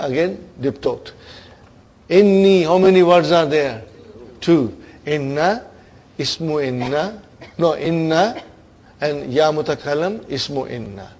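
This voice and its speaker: A man teaching an Arabic grammar lesson to students, coaxing them along, stretching key words and trailing off softly at the ends of phrases. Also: on the high side, low-quality recording. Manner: coaxing, keeps asking "are you with me, brother?".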